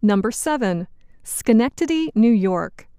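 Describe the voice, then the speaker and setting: A woman presenting a scripted educational program, in a clear, measured, teacherly way. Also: a little high, animated, mellow, dry recording, studio quality.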